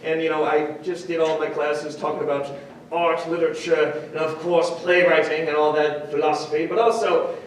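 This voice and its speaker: Young guy doing standup, kinda high voice, awkward self-roasting ramble, echoey room heard from a distance. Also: steady tone, slight background noise. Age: young adult. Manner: self-deprecating, rambling with restarts and quick voice switches. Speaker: stand-up comedian. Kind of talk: stand-up comedy set. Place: comedy stage before a live audience. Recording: echoey room, far from the mic.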